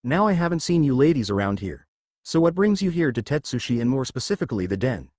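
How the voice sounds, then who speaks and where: Man voicing a teasing young barmaid, lively lilt. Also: medium pitch, fast, dry recording, clean studio sound.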